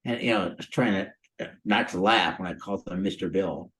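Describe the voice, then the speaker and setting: A man's voice: medium pitch, brisk, rough recording. Guy in his 60s from the chicago area, chatty actor rambling thru old stories, lots of ums. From Chicago area, USA. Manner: rambling, full of "you know" and "um", chatty and upbeat. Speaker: guest actor. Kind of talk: casual interview storytelling.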